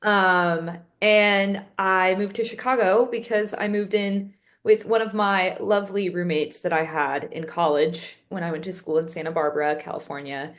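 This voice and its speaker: Young woman, from Oregon, mid pitch, chatty and friendly. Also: steady tone, moderate pace, hardly any pauses. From Salem, Oregon, USA. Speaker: playwright and actor. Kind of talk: casual roundtable introduction.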